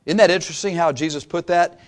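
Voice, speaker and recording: A man preaching a sermon, impassioned and emphatic, swinging from loud peaks to quiet asides and repeating phrases for emphasis. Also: fairly high pitch, quick pace.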